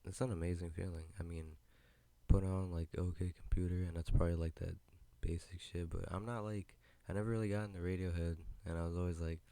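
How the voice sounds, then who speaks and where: Young man, very deep, gravelly, casual podcast rambling, laid-back, swears a lot, dry close mic. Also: little pitch movement, fairly quick, warm tone, no echo. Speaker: podcast host. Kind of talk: casual solo podcast chat. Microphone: podcast mic with headphones.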